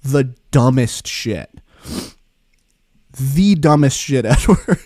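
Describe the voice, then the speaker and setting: A man hosting a podcast, telling a casual story in an animated, laughing and profane way. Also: medium pitch, takes it slowly, no room sound, clean studio sound. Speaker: podcast host.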